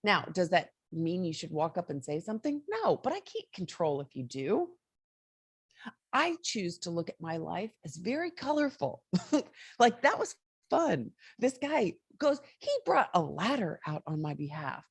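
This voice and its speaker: A woman hosting a morning mindset show, giving a casual motivational monologue in a chatty, animated way with frequent laughter. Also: fairly low pitch, measured pace, slightly rough, no echo, clean studio sound.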